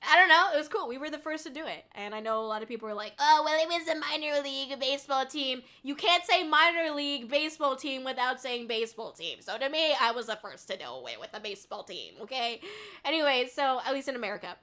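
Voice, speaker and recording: A young woman streamer chats loosely with her viewers in a bright, slightly high voice. She rambles, swears freely, and thanks her audience with bursts of excited shrieking. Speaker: VTuber streamer. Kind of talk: casual live-stream chat.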